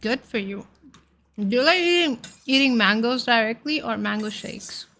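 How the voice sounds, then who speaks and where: A woman's voice: on the high side, expressive, moderate pace, a bit bright. A young woman streaming, chatting casually and playfully with her chat and stumbling over tongue-twisters.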